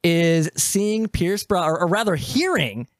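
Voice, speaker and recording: A man's voice: sits high, unhurried, no echo, clean studio sound. A man co-hosting a movie podcast, leading a casual discussion and steering it back on track. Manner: steers the talk, animated and emphatic. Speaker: podcast co-host.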